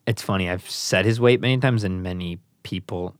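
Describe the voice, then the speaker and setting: A man hosting a podcast, talking in a relaxed, chatty way with a guest. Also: deep voice, a little fast, no room sound. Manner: relaxed, chatty, acts out funny voices. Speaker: podcast host. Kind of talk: casual conversation.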